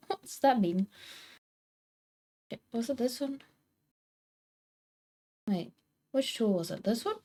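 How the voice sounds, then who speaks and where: A woman's voice: fairly high pitch, animated, takes it slowly, pauses often, dark tone. A woman streaming from home on a desk microphone, chatting casually with her viewers while drawing and calling out to her cats. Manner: chatty, talks to her cats and to chat, teasing indignation. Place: home, indoors.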